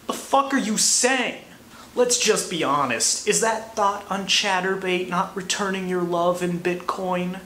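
Young male comic, profane and sarcastic, highish voice, echoey room. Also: a little slow, sharp tone. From United States. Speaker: comedian. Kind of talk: comedy monologue. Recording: echoey room, faint noise.

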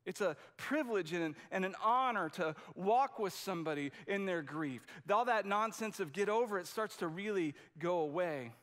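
A man's voice: high-pitched, lively intonation, normal speed, hardly any pauses, fairly bright tone. A man preaching a sermon in a conversational, emphatic way, often restarting his sentences. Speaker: pastor.

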